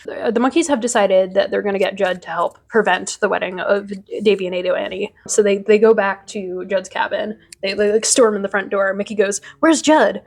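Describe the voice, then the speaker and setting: A woman co-hosting a casual podcast chat, laughing often and retelling scenes in quick bursts. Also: mid-range voice, fairly even intonation, gravelly, darkish tone. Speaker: podcast co-host.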